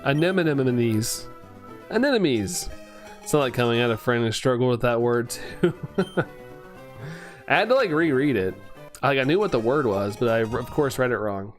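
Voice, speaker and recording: A man's voice: medium pitch, lively intonation, moderate pace, soft background music. A young man streaming, chatting casually and playfully, rambling, tripping over words and laughing at himself. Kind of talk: casual live-stream chat.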